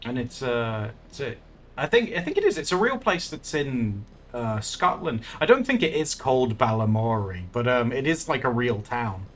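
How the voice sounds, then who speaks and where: Chatty man, lively voice. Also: mid-range voice, normal speed. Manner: chatty, rambling, laughs often. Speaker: art streamer. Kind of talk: casual live-stream chat.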